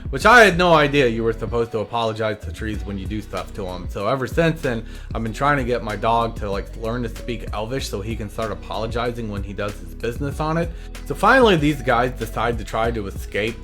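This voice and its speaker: A man hosting a comedic episode recap, telling it in a deadpan, meandering way full of side stories. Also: medium pitch, brisk, faint music behind. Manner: deadpan, meandering storytelling with asides.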